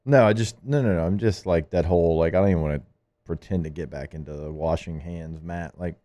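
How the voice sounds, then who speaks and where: A man's voice: low-pitched, fairly quick, mellow. A man co-hosting a sports radio show, chatting in a laid-back, rambling way. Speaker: radio co-host. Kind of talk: casual studio banter.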